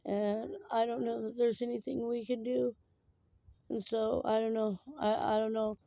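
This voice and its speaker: Tearful rambling woman with a gravelly voice. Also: fairly high pitch, little pitch movement, dark tone, dry recording. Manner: rambling, emotional, halting with many fillers. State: tearful after crying. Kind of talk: personal vlog rant.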